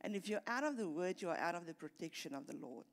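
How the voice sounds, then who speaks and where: A woman's voice: on the low side, lively intonation, fast talker. Woman pastor preaching in a reverberant hall. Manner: earnest, repeats words, builds intensity. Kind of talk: sermon. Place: church hall. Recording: long reverb of a church hall.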